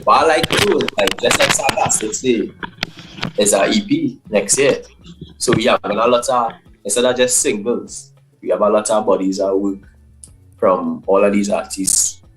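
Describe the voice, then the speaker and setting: Brief: low-voiced man, radio co-host, reflective and musing. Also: moderate pace, over music, poor audio. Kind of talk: live radio chat.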